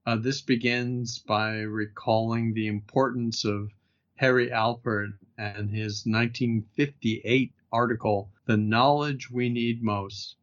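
A male host speaks slowly and deliberately, setting up quotes before his questions in a mid-pitched voice. The audio is dull and lo-fi. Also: fairly even intonation. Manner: unhurried, reads quotes before asking. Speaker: interview host. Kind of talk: podcast interview questions.

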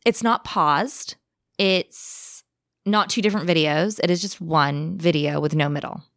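Lively woman telling a spooky story. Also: low voice, no echo, clean studio sound. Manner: animated, vivid, speeds up and slows down for effect. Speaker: guest telling a ghost story. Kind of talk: casual storytelling.

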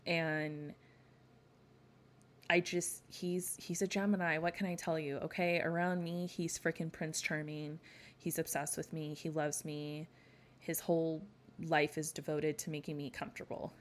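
With a low pitch and a flat, slightly slow delivery, this podcast host keeps the conversation casual, gossipy and sassy. She rants often and laughs along the way, and she isn't from the American South.

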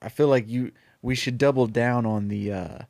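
A man's voice: mid-range voice, moderate pace, gravelly, darkish tone, dry recording, clean studio sound. A man co-hosting a podcast in casual chat, laid-back with short laughing reactions. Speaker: podcast co-host.

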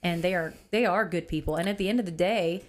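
Woman, podcast co-host, low voice, heartfelt, emotional, earnest, casual faith chat. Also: fast. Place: office used for recording podcasts.

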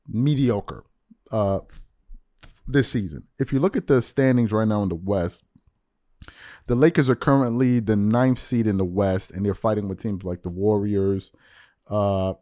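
Animated, earnest male podcast host. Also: lowish voice, dry recording, clean studio sound. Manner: earnest, repeats words when searching for them. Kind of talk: reflective solo commentary.

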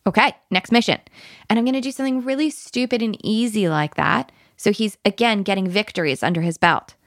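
A woman parenting coach who talks emphatically and dips into a hushed whisper when she models soothing words to a child. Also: mid-range voice, fairly quick, no echo, studio quality.

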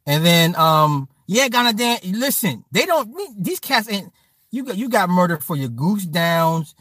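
A man in his forties telling casual stories to his chat, animated and full of profane slang. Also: a little high, no room sound. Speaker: streamer talking to chat. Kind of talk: casual storytelling monologue.

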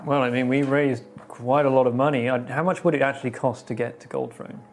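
Relaxed chatty tabletop player. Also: medium pitch, brisk. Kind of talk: casual tabletop game talk.

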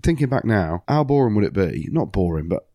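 Fast-talking low-voiced podcast host. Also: male voice, no room sound, studio quality. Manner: joking, rapid, animated banter. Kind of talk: casual sports podcast banter.

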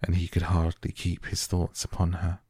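A man gently reading a classic novel aloud as a soft bedtime story. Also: sits low, monotone, slightly rough, no echo, clean studio sound. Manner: gentle, unhurried. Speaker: audiobook narrator.

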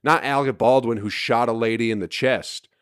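A man's voice: mid-range voice, normal speed, fairly bright tone, smooth, dry recording, clean studio sound. A man hosting his podcast alone, hungover and ranting in a profane, exasperated, rambling way that circles back to the same complaints. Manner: rambling, repeats himself. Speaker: podcast host. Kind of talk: solo podcast rant.

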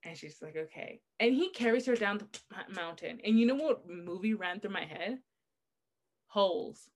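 Brief: young woman podcast co-host, chatty and animated, quick to laugh while telling stories. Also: mid-range voice. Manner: animated storyteller, laughs often. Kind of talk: casual book chat.

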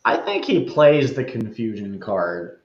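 A man's voice: on the low side, sing-song, measured pace, echoey room, lo-fi sound. A man chatting as a guest, talkative and wry as he explains his views. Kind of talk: casual chat.

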